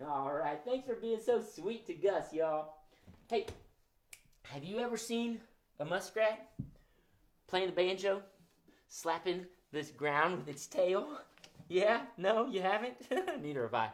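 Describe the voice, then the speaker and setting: A man hosting a live-streamed kids' music show, talking gently and encouragingly to children. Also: high-pitched, sing-song, takes it slowly, pauses often.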